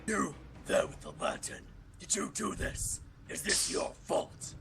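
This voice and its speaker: A man voicing a blunt, vengeful male ogre pig farmer in short, low-key in-character lines. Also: wildly swooping pitch, measured pace, creaky, a bit bright, faint music behind, full character voice. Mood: questioning.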